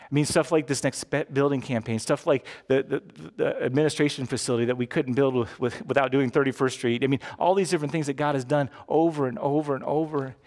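A man in his fifties preaching a sermon as pastor, earnest and swinging from emphatic peaks down to quiet, low moments. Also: steady tone, fast, few pauses. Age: 50s.

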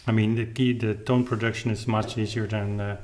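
A man's voice: lowish voice, little pitch movement, fairly quick, darkish tone. A man who plays the clavichord, thoughtfully explaining his interpretation and searching for the right words as he goes. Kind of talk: reflective spoken commentary with demonstrations. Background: faint clavichord playing between remarks.

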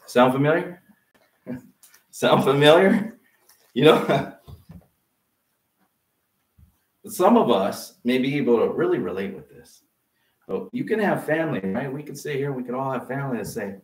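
Male pastor, casual sermon delivery, acts out quoted voices, mid-pitched, roomy echo, somewhat off-mic. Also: animated, measured pace, pauses often, a little mellow, far from the mic. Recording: echoey room, voice off-mic.

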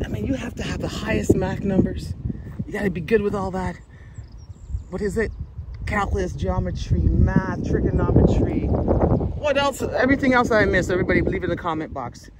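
A middle-aged woman chatting casually in a walking vlog, rambling excitedly as she films on her phone outdoors in the countryside. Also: fairly low pitch, normal speed, long pauses. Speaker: vlogger. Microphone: phone camera held while walking. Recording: loud outdoor background noise. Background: loud outdoor noise.

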